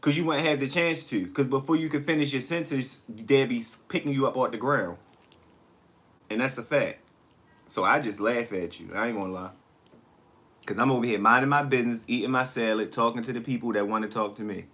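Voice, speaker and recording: A man's voice: mid-range voice, fairly quick, fairly bright tone, muffled recording. A man hosting a casual live stream, eating while he talks back to comments in a rambling, blunt way. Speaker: livestream host.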